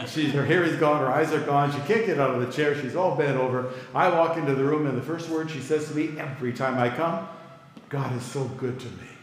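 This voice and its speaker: Middle-aged man, pastor, conversational Bible class teaching, very echoey hall, long reverb. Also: fairly high pitch. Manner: conversational, pauses to ask the class for reactions.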